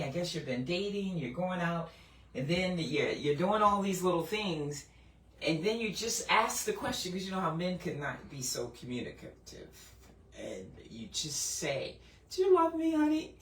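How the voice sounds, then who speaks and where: A woman giving a conversational Bible teaching, animated and full of restarts as she works through a passage. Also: on the low side. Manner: animated, acts out quoted voices, frequent restarts. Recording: roomy, mic at a distance.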